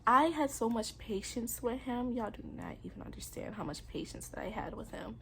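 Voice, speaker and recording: A woman's voice: fairly high pitch, very animated, moderate pace, creaky, sharp tone, slight background noise. A young adult woman telling her own story in a personal vlog, candid and earnest, with casual slang. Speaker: vlogger.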